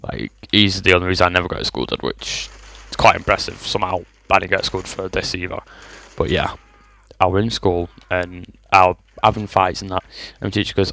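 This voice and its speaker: A young man rambles through a sweary story in a very low, flat, gravelly voice. A cough lingers in his throat, and the talk is full of fillers and restarts. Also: a little fast. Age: 20s. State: has a cough. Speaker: vlogger. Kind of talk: casual storytime vlog.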